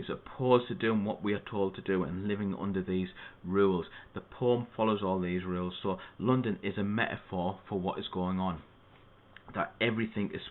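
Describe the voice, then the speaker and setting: Through thin, phone-like tinny audio, a man with a somewhat low voice teaches a poem. The English literature tutor stays steady and methodical, occasionally breaking off for an aside.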